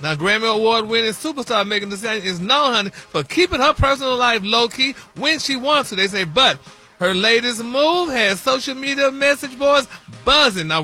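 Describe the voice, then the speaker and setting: A man's voice: very high-pitched, pushed and bright. A man hosting celebrity news on a radio show, sassy and gossipy, calling everyone honey and y'all. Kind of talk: gossipy casual talk radio.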